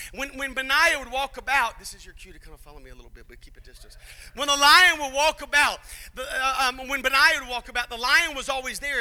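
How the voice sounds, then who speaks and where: A man from Arkansas, preaching a sermon that moves from storytelling to shouted passages. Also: extremely high pitch. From Arkansas, USA. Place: church sanctuary. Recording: long hall reverb.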